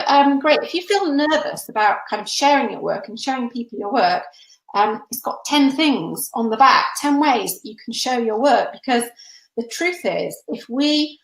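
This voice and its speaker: A woman presenting a workshop webinar, her voice sitting a touch high and friendly. She talks in a chatty, encouraging way, full of little fillers. The sound is roomy, with a noticeable echo around her webcam mic. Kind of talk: webinar teaching talk.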